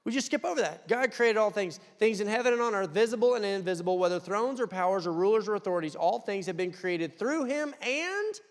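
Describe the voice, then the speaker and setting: A young man preaching a conversational sermon, dropping to quiet asides and rising to loud, emphatic peaks. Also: high-pitched, lively intonation, quick pace, few pauses. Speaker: pastor. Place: church hall. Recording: long hall reverb.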